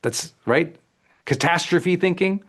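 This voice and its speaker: A man coaching his audience in a motivational talk, his voice sitting a little high for a man. He talks conversationally and energetically, often checking in with his listeners. He jumps up in pitch when he acts out voices of self-talk. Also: slow pace. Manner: conversational, often asks "right?" and "does that make sense?". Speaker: personal development coach.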